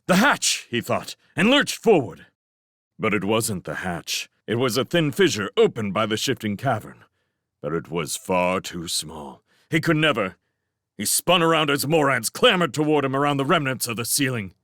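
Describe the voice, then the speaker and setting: A man giving a dramatic fan reading of a novel, swinging between tense urgency and hushed lines. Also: medium pitch, sing-song, normal speed, no room sound, clean studio sound. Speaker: audiobook reader.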